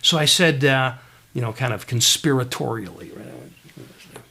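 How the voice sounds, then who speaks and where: A man telling a story in a leadership talk, animated and conversational, often checking in with the audience. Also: medium pitch, normal speed, vocal fry. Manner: animated storyteller, frequent "right?" asides. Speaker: leadership speaker.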